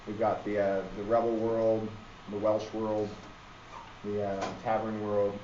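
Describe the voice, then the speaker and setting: A man's voice: on the low side, monotone, measured pace, background noise. A man teaching a literature class, rambling with many fillers and restarts. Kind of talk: classroom lecture. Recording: roomy, dull classroom recording.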